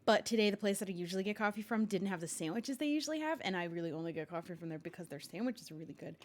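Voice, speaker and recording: A woman's voice: medium pitch, expressive, rapid-fire, a little mellow, a little hiss or hum. A young adult woman streaming live, chatting casually and rambling, laughing often between complaints.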